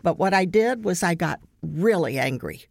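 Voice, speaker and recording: A woman's voice: on the low side, expressive, moderate pace, vocal fry, no echo. A middle-aged woman hosting a podcast, earnestly telling a family story and laughing now and then as she recounts it. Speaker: podcast host. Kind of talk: conversational storytelling.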